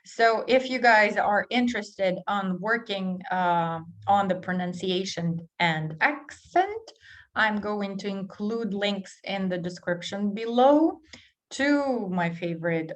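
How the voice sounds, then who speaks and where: Slow, careful woman teaching pronunciation. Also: medium pitch, animated. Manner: slow, careful enunciation for learners; switches between English and Russian explanations. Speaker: English teacher. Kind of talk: language lesson.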